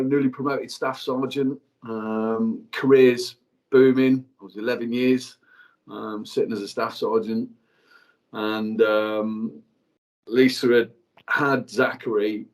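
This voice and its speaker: Frank, halting man telling a family story. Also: mid-range voice, a little mellow. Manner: frank and halting, many fillers and restarts. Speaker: guest speaker. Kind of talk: personal story told to an audience.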